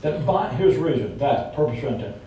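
A man's voice: sing-song, a little fast, warm tone. A man with a Southern US accent preaching a conversational sermon, folksy and emphatic, with joking asides. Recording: echoey hall from far off with faint rumble.

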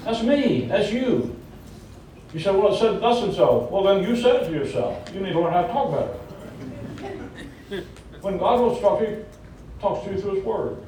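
A Southern US preacher, a man with a slightly high but mellow voice, delivers a folksy, emphatic sermon with joking asides. He is picked up from a distance, so his words ring through a very echoey church hall. A faint rumble sits underneath. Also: lively intonation, normal speed, pauses often. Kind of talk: conversational sermon.

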